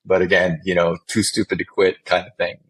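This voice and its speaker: A man's voice: deep voice, level tone, brisk, a bit bright, husky, rough recording. A middle-aged man, a former special forces medic, telling stories as an interview guest in a casual, rambling way with many restarts and some swearing.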